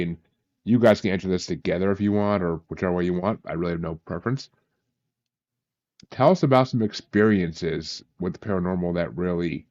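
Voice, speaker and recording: A man hosting a casual podcast interview, relaxed and halting, who swears offhandedly. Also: deep voice, no room sound. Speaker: podcast host. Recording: dull lo-fi sound.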